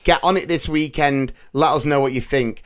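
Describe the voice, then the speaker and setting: Guy hosting a podcast, slightly high voice, joking around. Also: normal speed. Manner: jokey, upbeat and chatty. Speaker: podcast host. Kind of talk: casual chat.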